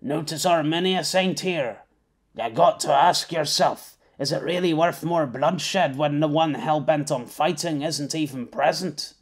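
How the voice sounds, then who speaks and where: A man voicing a gruff old male mercenary with a gravelly voice in an audiobook. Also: fairly high pitch, a little slow. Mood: weary. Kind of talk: audiobook character voice.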